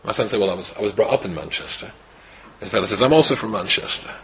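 Animated older Scottish rabbi telling a story. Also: male voice, lowish voice, fast, a crowd in the background, low-quality recording. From Scotland. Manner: animated storyteller, wry humor, swings from hushed to exclaiming. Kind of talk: personal story told to a host.

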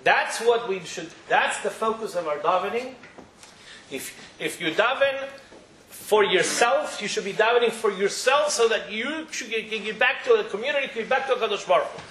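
Man teaching a religious class, high voice, bright tone, animated with restarts, echoey room. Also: moderate pace, slight background noise. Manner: animated storytelling with frequent restarts.

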